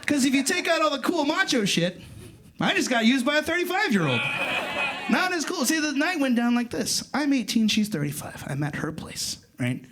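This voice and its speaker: Animated male comic, lively high voice. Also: normal speed, background noise. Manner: animated storytelling, jumps into loud high voices for punchlines. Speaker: stand-up comedian. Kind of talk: stand-up comedy set. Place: comedy club stage. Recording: live club recording with crowd laughter. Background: audience laughter.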